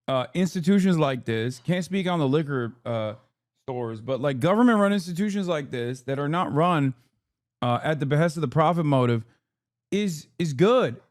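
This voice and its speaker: A man giving casual reaction commentary as a streamer and political commentator, ranting in a profane way with quick asides. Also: on the high side, no room sound, studio quality.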